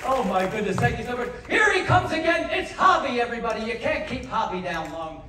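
High-voiced man, lively banter, roomy theater sound, heard from a distance, crowd noise. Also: a little fast, music in the background. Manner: joking crowd banter, cheers loudly. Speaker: variety performer. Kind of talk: live stage comedy patter. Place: large cruise ship theater. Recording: echoey theater filmed from far off. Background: audience noise.

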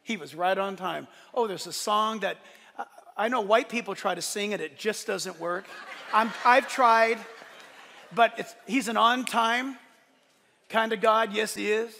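A man preaching a sermon to his church, animated and swinging from loud declarations to soft, joking asides. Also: sits high, measured pace, creaky, big-room sound. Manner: playful, joking asides to the congregation. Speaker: pastor. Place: church service.

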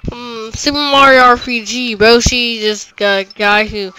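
Male gamer, high bright voice, unhurried, excitable and frustrated with the game. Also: slight background noise, poor audio. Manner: excitable, groans and yells at the game. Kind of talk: let's play commentary.

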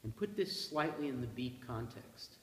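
A man leading a classroom poetry discussion, quizzing students with a lively, playful manner. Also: mid-range voice, normal speed. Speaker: seminar leader. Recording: echoey room from a distance, faint hiss.

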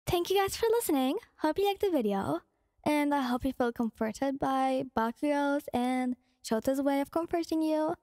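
A woman's voice: high-pitched, moderate pace, warm tone, no echo, studio quality. A woman who makes ASMR videos, chatting casually and ramblingly to her viewers. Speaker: ASMR creator.

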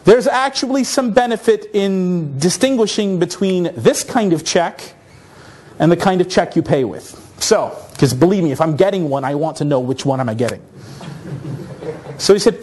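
A man from North America giving a conference talk, telling a story in an animated, self-mocking way. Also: high voice, moderate pace. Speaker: conference speaker.

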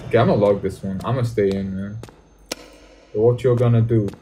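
A man's voice: on the low side, fairly even intonation, a little fast, warm tone, a little hiss or hum. A young man, commenting jokingly on a horror game as he plays and talking back to its characters. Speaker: gaming YouTuber.

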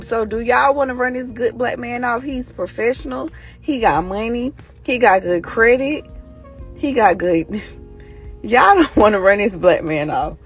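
Hoarse woman, casual live stream, phone mic in a car, chatty and teasing, faint music. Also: on the high side, animated, a little slow. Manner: chatty, teasing, scolding her followers. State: hoarse, lost her voice. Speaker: social media personality on a live stream. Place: inside a car at night.

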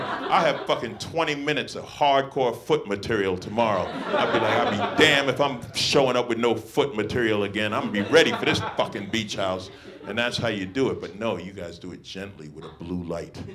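A man doing a stand-up comedy set at a small beach house venue, mocking and profane, riffing with the crowd. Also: on the low side. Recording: live crowd audible. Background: audience laughter.

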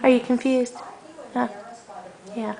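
A woman's voice: fairly high pitch, steady tone, takes it slowly, gravelly, crowd noise. A woman filming a baby at home with a camcorder, coaxing her in sing-song baby talk. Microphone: handheld camcorder.

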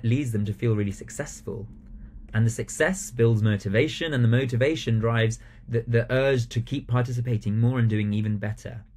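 A man giving a recorded training talk to teachers, animated and acting out the phrases he would use in class. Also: fairly low pitch. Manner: animated, acts out classroom phrases with changing emphasis.

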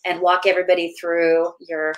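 A woman with a fairly low voice hosts an interview for her members. She is enthusiastic and warm, and her speech is full of fillers. Her delivery is loose and conversational. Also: level tone, normal speed, rough recording. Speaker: host, business finance coach. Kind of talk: hosting a members' webinar interview.

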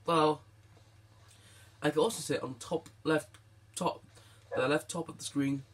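A man hosting a let's play, chatting to viewers and his pet and exclaiming excitedly at what happens in the game. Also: a little high, a little slow, slightly rough. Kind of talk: gaming commentary.

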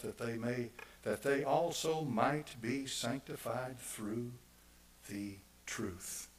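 A male pastor preaching a sermon, repeating phrases for emphasis and swinging from quiet asides to loud, emphatic declarations. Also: mid-range voice, slight background noise, low-quality recording.

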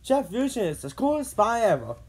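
A woman voicing an excited boy genius hero in a read-along storybook, speaking eagerly. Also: on the high side, fairly quick, voice pushed up.

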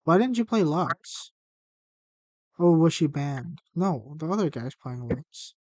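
A young man plays a video game with his girlfriend and chats as they go, teasing and joking with her. His voice sits a little high for a man. The sound is close and dry. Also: lively intonation, slow, a little mellow, no room sound. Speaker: streamer's boyfriend. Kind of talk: casual gaming chat.

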